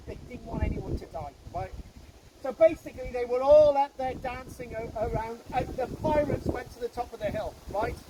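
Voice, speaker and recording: Guy leading a ghost walk, really high voice, chatty, loud wind blasting outside. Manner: chatty, keeps checking in with "right?". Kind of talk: outdoor ghost story telling to a group. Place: outdoors on a walking tour.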